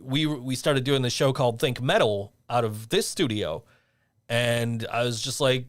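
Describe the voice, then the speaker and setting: A man's voice: mid-range voice, moderate pace, no room sound. A man hosting a casual radio show from a small studio, rambling and self-deprecating with frequent laughs. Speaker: show host. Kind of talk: casual on-air chat.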